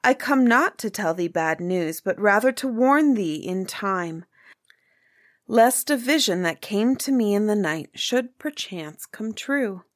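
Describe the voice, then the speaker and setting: A woman reading aloud, voicing a humble old male seer who speaks in a grave, measured way. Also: mid-range voice, expressive, dry recording, studio quality, natural voice. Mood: solemn.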